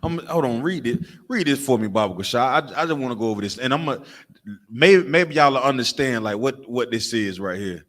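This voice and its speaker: A teacher with a Southern US accent leads a street class in a medium-pitched, fairly bright voice, speaking animatedly and fairly quickly. His preaching lesson is emphatic and repetitive, with asides, and he calls on others by name.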